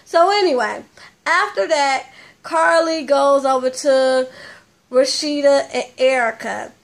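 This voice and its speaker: High-voiced chatty woman recapping TV. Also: takes it slowly, creaky. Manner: chatty, animated retelling with slang. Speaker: TV recap host. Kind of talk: casual reality TV recap.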